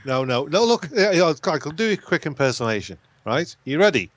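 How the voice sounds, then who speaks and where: A man's voice: a little high, sing-song, a little fast, fairly bright tone, no room sound. A man, a guest chatting in a rambling, good-humoured, hesitant way. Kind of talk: casual chat.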